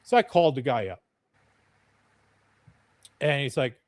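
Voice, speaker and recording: A man's voice: medium pitch, lively intonation, unhurried, long pauses, a little mellow, no echo. A man telling a story as a podcast guest in a blunt, chatty, profane way. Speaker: podcast guest, UFO videographer. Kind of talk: casual storytelling.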